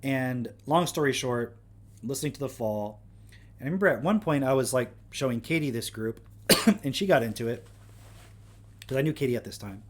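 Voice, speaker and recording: A man's voice: medium pitch, animated, moderate pace, pauses often. A young man hosting a livestream, talking in a casual, rambling way with lots of fillers and self-corrections. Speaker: livestream host.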